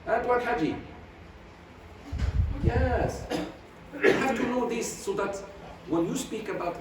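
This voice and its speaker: A man's voice: very high-pitched, slow pace, long pauses. A man teaching a religious class, lecturing emphatically with volleys of rhetorical questions and Arabic religious phrases. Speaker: sheikh teaching Quran commentary. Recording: very echoey, distant mic, noisy.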